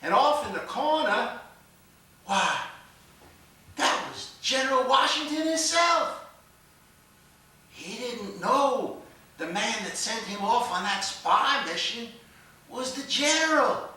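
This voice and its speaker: A man's voice: very high-pitched, expressive, slow, pauses often, sharp tone, exaggerated voice. An actor playing a folksy Southern man who proudly tells family tales in a theatrical monologue, with a Southern US accent and rural grammar. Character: folksy older Southern man proud of his soldiering kin. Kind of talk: theatrical monologue for an acting class. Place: classroom or small stage. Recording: echoey room with the mic far away.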